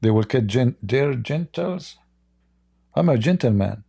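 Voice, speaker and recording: A man's voice: medium pitch, expressive, unhurried, gravelly, warm tone, husky. An aged man from the East, hosting a livestream in a sarcastic, mocking way. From Middle East. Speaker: livestream debate host. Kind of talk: casual livestream commentary.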